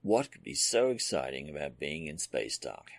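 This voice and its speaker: A man voicing a calm, fit helmsman nearing middle age who speaks in a dry, thoughtful way, in a fan audiobook. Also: rumbling low, normal speed, dry recording, full character voice. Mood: wry.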